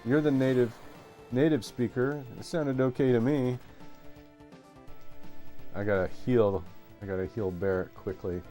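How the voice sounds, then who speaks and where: A man chatting casually while live-streaming a retro game, relaxed and hesitant. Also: medium pitch, measured pace, long pauses, soft background music.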